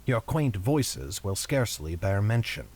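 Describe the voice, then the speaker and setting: A man plays a wary male wizard in a read-aloud fantasy novel. He speaks calmly and deliberately, choosing each word with care. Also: lowish voice, slightly rough.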